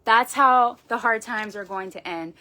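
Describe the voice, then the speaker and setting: Her voice sits a little high and moves a little slowly, pushed and bright. During a live-streamed tarot reading, she swears offhandedly into her phone and keeps her delivery emphatic and folksy.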